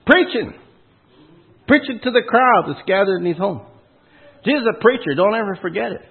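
A man's voice: fairly high pitch, breathy edge. A man preaching a sermon in a folksy, punchy way, asking the listeners questions and hitting key words hard. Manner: folksy, punchy preaching with rhetorical questions and sudden loud emphasis. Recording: tinny phone-like sound.

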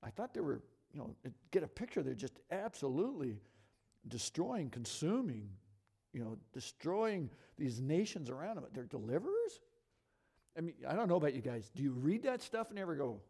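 A middle-aged man leading a Bible teaching, talking quickly and conversationally, tossing questions out to his listeners. His voice sits a little higher than most men's. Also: breathy edge. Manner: lively, conversational, talks fast and asks the audience questions. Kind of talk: sermon teaching to a congregation.

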